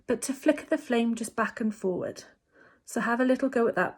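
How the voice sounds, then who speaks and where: A woman, a hospice physiotherapist, gently talking patients through a breathing exercise from home, with many fillers. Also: fairly high pitch, a little fast. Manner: gentle, reassuring, explanatory with frequent fillers. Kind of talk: instructional talk to patients.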